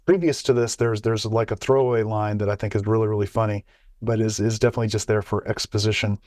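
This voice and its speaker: A man's voice: lowish voice, steady tone, quick pace, a little mellow, no room sound, clean studio sound. A man co-hosting a podcast in casual chat, talking in bursts full of restarts and repeated words. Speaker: podcast co-host.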